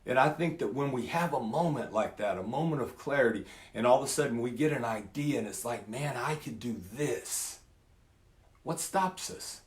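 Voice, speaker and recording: Man preacher, casual sermon, folksy storyteller, middle pitch, roomy sound. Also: a little fast, few pauses. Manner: lively storytelling, acts out voices in quotes; folksy, says "man" and "y'all". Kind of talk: casual sermon with scripture reading.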